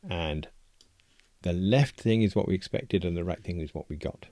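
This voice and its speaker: Man, low voice, gravelly, dry close mic, coding tutorial, thinking aloud. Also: normal speed, warm tone, dry recording. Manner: thinking aloud, conversational and explanatory. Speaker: programming tutorial host. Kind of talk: screencast coding walkthrough.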